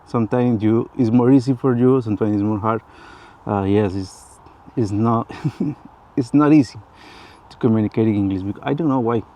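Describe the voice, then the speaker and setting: Here a Spanish-speaking man vlogs casually to the camera, stumbling through learner's English with many restarts and repeated words while laughing often. His voice sits on the low side, and the recording sounds muffled.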